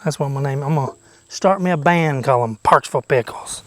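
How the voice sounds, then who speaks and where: A man with a drawl narrates his fishing trip from a boat, his voice pitched a little on the high side. He rambles in a silly, playful way, cracking jokes and sometimes whispering to himself. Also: brisk, dry recording. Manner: goofy, chatty, drops into whispers and silly sing-song noises. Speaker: fishing vlogger. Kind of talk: casual fishing commentary. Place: outdoors on a boat.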